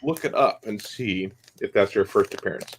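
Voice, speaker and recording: A man's voice: on the low side, normal speed, a little hiss or hum. A man co-hosting a comic book podcast, talking casually and hesitantly with many fillers. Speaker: podcast co-host.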